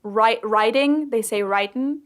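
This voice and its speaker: A woman's voice: a little high, moderate pace, a bit bright. A woman whose first language is German, co-hosting a podcast in English and searching for words in casual chat. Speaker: podcast co-host.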